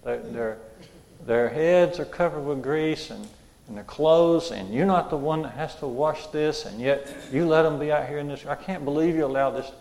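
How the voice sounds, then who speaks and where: A man's voice: on the high side, moderate pace, gravelly, a little mellow, long reverb tail, pitched above the performer's own voice, low-quality recording. A man doing an exasperated scolding grandmother. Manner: indignant, raised voice.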